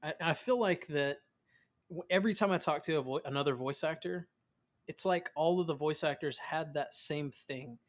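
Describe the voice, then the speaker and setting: A man in his thirties talks casually as a guest in an interview, his voice sitting a bit high for a man. He tells stories with energy and often stops to restart or repeat a word. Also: normal speed. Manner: animated storyteller, acts out quotes of family; many restarts and repeated words. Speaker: voice actor guest.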